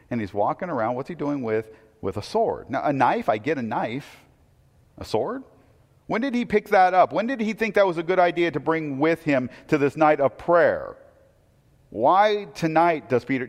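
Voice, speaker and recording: A man's voice: fairly high pitch, in a large hall. A man preaching a conversational sermon, asking rhetorical questions and quoting scripture. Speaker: pastor.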